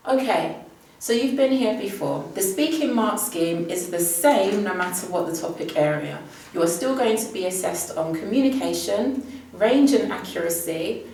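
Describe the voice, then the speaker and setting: A woman's voice: fairly low pitch, a little mellow, a little hiss or hum. A woman teaching Spanish, giving an upbeat, emphatic exam prep lesson. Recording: distant mic with heavy room echo.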